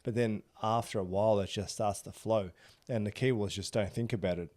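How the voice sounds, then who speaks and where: A man's voice: on the low side, fairly even intonation, fairly quick, a little mellow. A man hosting a podcast, chatting casually and often chiming in with short agreements. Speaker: podcast host. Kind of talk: casual conversation.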